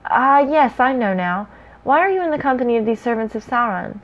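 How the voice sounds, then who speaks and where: A woman's voice: fairly high pitch, expressive, a little fast, close to an everyday voice. A woman reading the lines of a stern male ranger captain in a dry, curt manner. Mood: wary.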